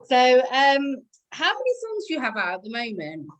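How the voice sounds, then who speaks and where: A woman's voice: sits high, huge pitch swings, normal speed. Chatty British woman interviewer. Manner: chatty, laughs often. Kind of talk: casual interview.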